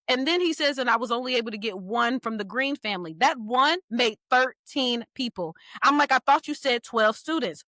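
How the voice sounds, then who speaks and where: A woman co-hosting a podcast, chatting casually in an animated, exasperated and rambling way. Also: on the high side, no room sound, studio quality. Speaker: podcast co-host. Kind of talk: casual book review chat.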